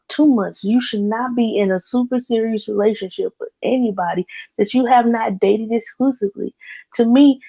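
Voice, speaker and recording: Solo podcast host, woman, mid-pitch, opinionated and rambling, curses freely. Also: dark tone, poor audio. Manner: blunt, opinionated, rambling with restarts and swearing. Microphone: computer mic via voice chat recording bot.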